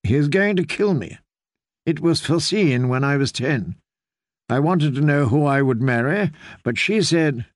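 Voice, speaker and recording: A man's voice: a little high, animated, a little slow, dry recording, clean studio sound. A man voicing a proud, fearful queen in an audiobook reading, with a haughty, scheming manner. He lifts his voice to play her. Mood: shaken. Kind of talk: audiobook character voice.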